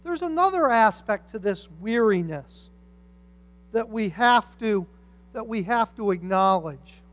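A pastor preaching a sermon, telling stories with humorous asides and swinging from quiet reflection to loud emphasis. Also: medium pitch, unhurried. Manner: animated storytelling with humorous asides.

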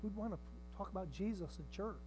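An older man preaching a sermon, swinging from hushed tones to shouts and acting out the people in his stories. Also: high-pitched, quick pace, noisy background. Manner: dramatic, swings from hushed to shouting, acts out voices.

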